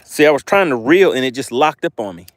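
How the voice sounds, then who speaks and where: A man's voice: medium pitch, animated, fast talker, no room sound, clean studio sound. A man hosting a live fishing stream outdoors, reading viewer chat aloud and teasing them playfully. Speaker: fishing livestream host. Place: outdoors by the water.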